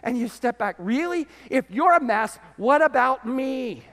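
A man preaching a sermon as pastor to his congregation, animated, his voice swinging from loud peaks to quiet lows. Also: a little slow. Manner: animated preaching, voice rising and dropping sharply. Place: church sanctuary. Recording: church sanctuary with long reverb.

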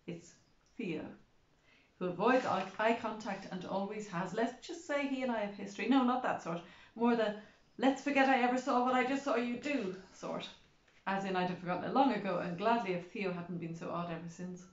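A woman's voice: medium pitch, normal speed. A woman narrating an audiobook in the first person, with a wry, chatty manner. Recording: roomy, slightly dull recording.

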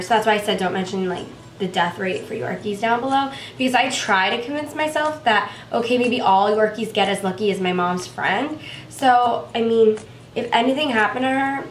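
A woman's voice: mid-range voice, echoey room, far from the mic, slight background noise. A young woman vlogger chatting in a gushing, rambling way about her pet, with many fillers, recorded on a camera at home.

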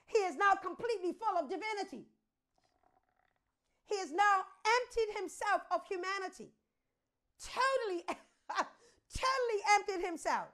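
A woman preaching a sermon, moving from hushed, quiet lines to sudden loud swells as she calls out to the congregation. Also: very high voice.

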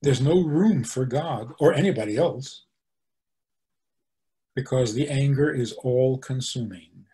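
A man, a rabbi, giving an animated teaching talk, posing rhetorical questions and answering them himself. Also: medium pitch, slow, pauses often. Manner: animated, acts out the angry voices he quotes.

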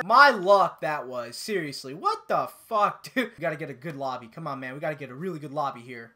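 A young man giving excitable, swear-heavy live commentary over his own gameplay, often bursting into yells. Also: high voice, fairly quick, few pauses. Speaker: gamer and channel host.

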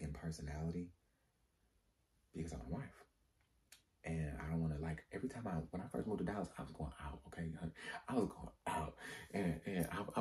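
A man's voice: low voice, a little mellow. A man who is a pastor giving a candid personal testimony, talking casually with slang and rising into emphatic, preacher-like swings.

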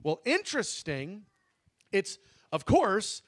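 A man teaching a Bible session in a conversational way, slowing down to stress key words and correcting himself as he goes. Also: sits high, huge pitch swings. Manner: conversational, with asides and self-corrections.

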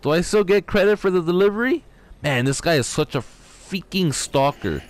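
A young man hosting a let's play, excitedly exclaiming and talking to his viewers from his garage. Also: high-pitched, moderate pace. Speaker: gaming channel host. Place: home garage.

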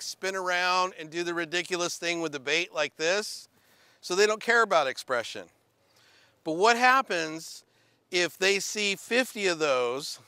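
A man's voice: high-pitched, bright, forceful tone, smooth, no echo. A man teaching a dog training workshop, explaining and demonstrating handling in a direct coaching way. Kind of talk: workshop instruction.

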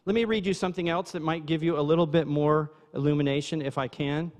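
High-voiced pastor preaching in a reverberant church. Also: male voice, steady tone, fast. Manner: conversational preaching, asides to the congregation. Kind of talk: sermon. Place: church sanctuary.

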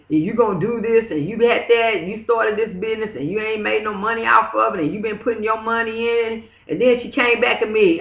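Woman, casual testimony, rambling with many fillers; roomy echo, muffled lo-fi recording. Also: mid-range voice. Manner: rambling, full of "you know what I'm saying". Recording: echoey, dull lo-fi room sound.

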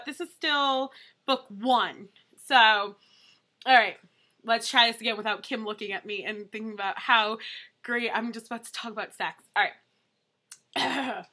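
A woman's voice: a little high, unhurried, bright, forceful tone. A young woman vlogging casually, reading a book aloud and often breaking into laughter. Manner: giggly, keeps breaking into laughter.

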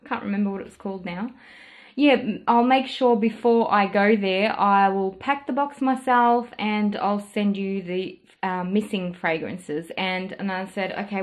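A woman telling a story in a casual vlog, in an animated and indignant way, acting out the other people's lines. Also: mid-range voice. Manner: animated, indignant retelling with quoted dialogue. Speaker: perfume vlogger.

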